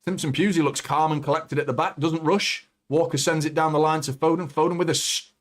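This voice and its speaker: This is a man commentating on his team's match as a fan, with a voice a little higher than most men's. He fills the play-by-play with swearing and nerves. He drops to low muttering at tense moments and breaks into loud shouts when his side scores. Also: quick pace, hardly any pauses. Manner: swears a lot, anxious, swings from muttering to shouting. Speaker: football fan watchalong host.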